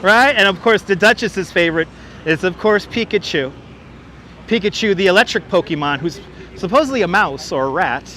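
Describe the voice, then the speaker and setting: A chatty man hosting a walking livestream on a city street, with a high, bright voice. He jokes along as he reads comments aloud. A clip-on mic catches him, with faint traffic noise behind. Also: lively intonation, moderate pace. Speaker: livestream host. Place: outdoors on a city waterfront street. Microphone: wireless clip-on mic.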